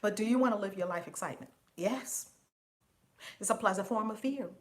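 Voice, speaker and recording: A woman's voice: mid-range voice, fairly quick. A woman hosting a live stream as a spiritual teacher, talking casually and with animation, laughing often and calling out viewers by name.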